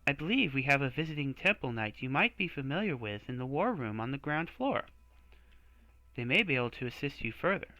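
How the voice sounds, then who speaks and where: A man putting on a pompous high priest. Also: sing-song, fairly quick, bright, forceful tone, no room sound. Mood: condescending. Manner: lofty, condescending. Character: pompous male high priest, haughty gatekeeper. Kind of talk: reading game dialogue aloud.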